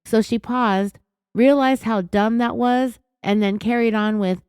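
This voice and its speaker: A woman's voice: fairly high pitch, fairly even intonation, a little slow, gravelly, darkish tone, clear, resonant tone, no echo. A woman hosting a true-crime podcast, talking in a sarcastic, indignant and blunt way. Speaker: podcast host.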